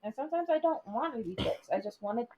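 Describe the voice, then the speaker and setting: A woman's voice: on the high side, lively intonation, fast talker, warm tone, muffled recording. A young woman co-hosting a casual chat podcast, rambling through a personal story with lots of filler words. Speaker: podcast co-host.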